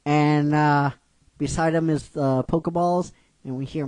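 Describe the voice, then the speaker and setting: A man casually narrating his own fan script as a story, halting often and restarting his sentences. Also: fairly high pitch, steady tone, darkish tone, clear, resonant tone, no echo. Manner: halting, with many restarts and fillers.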